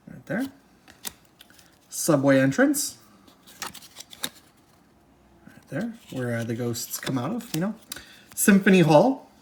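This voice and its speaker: Casual unboxing host, mid-pitched, halting and self-correcting, upbeat, cards shuffling behind. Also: slight background noise. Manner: upbeat, easily delighted. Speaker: board game unboxing presenter.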